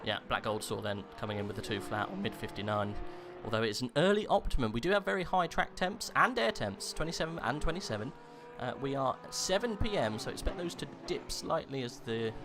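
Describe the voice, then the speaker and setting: This sim race commentator speaks at a medium pitch with big swings, talking briskly and barely pausing. Background noise and a music bed sit behind his live, bantering call of positions, full of fillers and jokes traded with his co-host.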